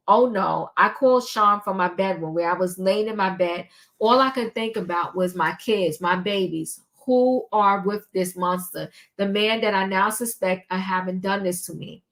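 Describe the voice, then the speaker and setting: Older woman reading aloud haltingly. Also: medium pitch, a bit bright. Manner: halting, with many ums and restarts. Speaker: commentary vlogger. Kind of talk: casual commentary, reading a text aloud.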